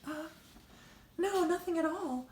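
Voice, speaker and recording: A fussy, gossipy sister frets at a hospital bed in a high, dramatic voice, played by a woman. The hobby voice drama is recorded in an echoey room. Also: takes it slowly, darkish tone.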